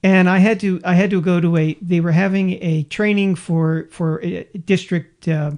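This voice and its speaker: A man with a high voice co-hosts a casual podcast chat at a moderate pace. He rambles through his stories as an animated storyteller, acting out the quotes along the way.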